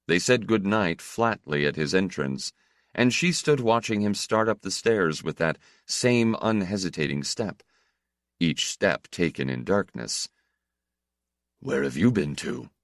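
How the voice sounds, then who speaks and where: A man narrating an audiobook with an expressive, steady storytelling manner. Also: low voice, a little slow, no room sound, studio quality.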